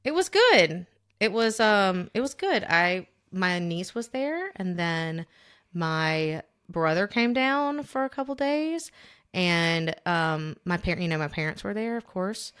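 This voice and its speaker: A young woman co-hosts a casual podcast, with a voice that sits a little low. She tells stories in a loose, rambling way, full of fillers, restarts and little quoted voices. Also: big pitch swings, slow, fairly bright tone, smooth. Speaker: podcast co-host. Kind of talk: casual chat.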